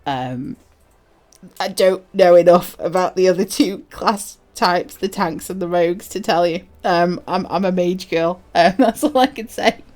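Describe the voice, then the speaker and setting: Low-key chatty woman streaming a game. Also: unhurried, a little mellow. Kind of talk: casual gaming chatter.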